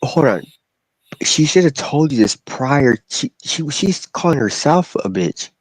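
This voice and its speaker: A man's voice: on the high side, very animated, measured pace, no room sound. A man in casual conversation who keeps asking curious questions. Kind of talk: casual chat.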